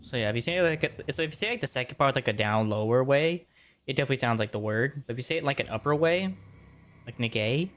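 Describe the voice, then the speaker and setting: A man chats loosely with his viewers while he plays, drifting from topic to topic. His voice sits at an ordinary middle pitch, and his delivery is relaxed and meandering. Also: fast. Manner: rambling, casual, chatting with viewers. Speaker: game streamer. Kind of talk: casual chat while gaming.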